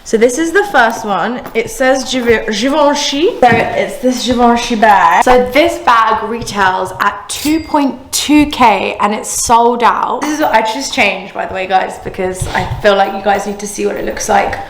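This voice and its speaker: A young woman chatting casually to camera as an unboxing vlogger, excitable and frank with her opinions. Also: fairly high pitch, a little slow, hardly any pauses, slight background noise. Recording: roomy echoey room.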